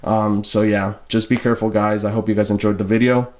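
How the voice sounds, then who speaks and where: A man's voice: lowish voice, level tone, brisk, darkish tone. A young man from the United States vlogging casually to camera, laughing and exasperated, rambling with fillers. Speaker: YouTuber. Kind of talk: casual vlog talk to camera.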